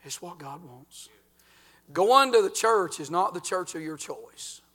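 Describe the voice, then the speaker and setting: An older man, a pastor preaching a folksy sermon that swings between loud and quiet. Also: high-pitched, animated, a little slow.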